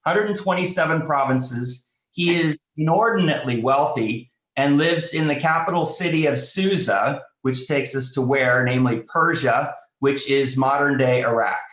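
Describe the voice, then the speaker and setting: A man, a pastor, leading a Bible study class in a casual teaching style, speaking haltingly with many fillers and restarts. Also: medium pitch, a bit bright, roomy sound, low-quality recording.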